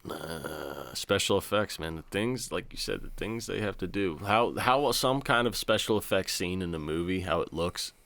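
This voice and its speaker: A man's voice: deep voice, expressive, moderate pace, creaky, few pauses, fairly bright tone. A man co-hosting a casual podcast, playful and jokey, with a goofy patter when he presents a trivia segment. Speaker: podcast co-host. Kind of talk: casual chat.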